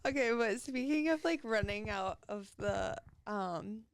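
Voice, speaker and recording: A young woman co-hosting a podcast, chatting in a relaxed way and laughing often. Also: medium pitch, a little slow, creaky, clean tone, dry recording. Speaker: podcast co-host. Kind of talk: casual chat.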